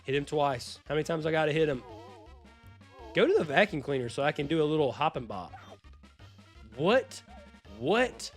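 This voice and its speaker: A man with a Louisiana accent, chatting and joking as he streams a retro game, now and then yelping with excitement. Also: on the high side, quick pace. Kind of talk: casual live-stream commentary. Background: faint game music.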